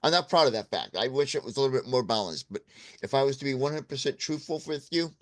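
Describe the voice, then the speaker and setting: A man's voice: mid-range voice, expressive, quick pace. A man hosting a video, giving earnest, candid advice in a casual way, often checking in with "okay?" and drawing on his own life. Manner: candid, shares personal examples. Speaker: vlog host giving marriage advice. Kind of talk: casual advice talk to camera.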